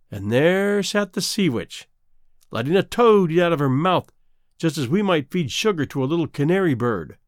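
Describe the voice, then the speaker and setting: A man reading a fairy tale aloud as a storyteller, in a dramatic, expressive way. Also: a little high, no echo, clean studio sound. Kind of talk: scripted narration of a fairy tale.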